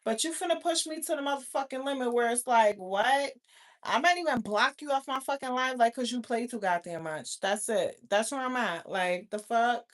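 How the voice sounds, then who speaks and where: A woman's voice: a little high, normal speed. A woman vlogger, ranting bluntly to her viewers with lots of cursing and scolding. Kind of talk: casual rant to camera.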